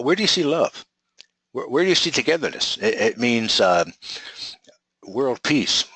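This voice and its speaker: Bright-voiced male coach teaching a webinar. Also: mid-range voice, dry recording, poor audio. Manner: energetic, rhetorical questions to the audience.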